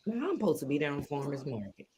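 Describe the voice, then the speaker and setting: A woman with a New Jersey accent hosting a casual online panel, talking calmly and mediating between speakers. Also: deep voice, fast, slight background noise.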